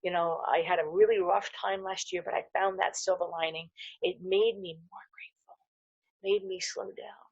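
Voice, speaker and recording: A woman's voice: fairly low pitch, steady tone, normal speed, a little mellow, breathy edge, no room sound, muffled recording. A middle-aged woman giving a casual, heartfelt wellness talk to camera, earnest and full of fillers and restarts. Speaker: holistic dental hygienist.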